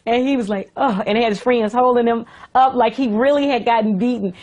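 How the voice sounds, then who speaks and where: A woman telling a family anecdote in an interview, animated and laughing as she goes. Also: fairly high pitch, fast.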